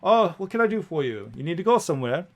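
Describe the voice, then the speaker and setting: A man's voice: fairly high pitch, sing-song, fast, voice pushed up. A man voicing a chatty, sleepless male sky coach driver who rambles and reassures. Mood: rambling. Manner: rambling, jovial, overly reassuring.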